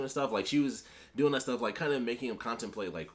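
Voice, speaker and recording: A man talking casually and excitedly as a video reviewer, rambling and trailing off, with the odd swear word. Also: on the low side, quick pace. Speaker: YouTube reviewer.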